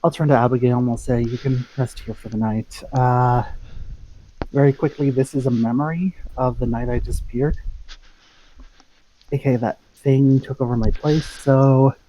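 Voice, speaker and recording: A man's voice: mid-range voice, fairly even intonation, moderate pace, long pauses, mellow, slight background noise, poor audio. A man speaking as a player in a tabletop role-play, casual and hesitant.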